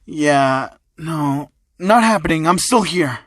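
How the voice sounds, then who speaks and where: A man's voice: a little high, lively intonation, takes it slowly, a bit bright, no room sound, clean studio sound, heavily acted. Izuku, as a man plays him, sarcastic teen hero. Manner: sarcastic, offhand. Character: cocky young male hero, sarcastic and calm.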